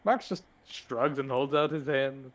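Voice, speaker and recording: A man's voice: medium pitch, measured pace, crowd noise. A man running a tabletop game as game master, narrating loosely with lots of fillers.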